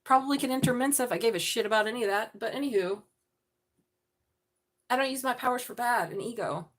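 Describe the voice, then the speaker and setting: A woman's voice: fairly high pitch, fast, a bit bright. A middle-aged woman giving a live-stream tarot reading, blunt and profane, joking and laughing often. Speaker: tarot reader.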